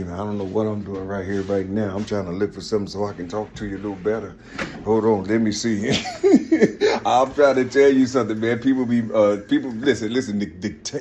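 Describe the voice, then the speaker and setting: A man delivering an impassioned spiritual monologue, repeating himself and swinging from high shouts to low mutters. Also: a little hiss or hum. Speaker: self-styled preacher.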